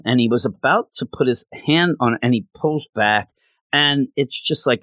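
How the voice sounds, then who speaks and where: A man's voice: mid-range voice, normal speed, a bit bright, no echo. A man reviewing a comic book in a casual, rambling, passionate way, with lots of fillers.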